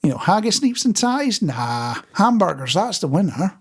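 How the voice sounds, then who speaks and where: A man's voice: high voice, big pitch swings, normal speed, breathy edge. A man co-hosting a casual podcast, telling stories with chuckles and restarts. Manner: chatty storyteller, frequent restarts and chuckles. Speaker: podcast co-host. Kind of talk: casual chat.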